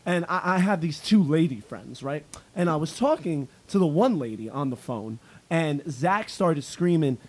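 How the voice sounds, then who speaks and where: Late-20s man, high voice, profane rowdy storyteller, casual friend chat. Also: animated, moderate pace, darkish tone, breathy edge.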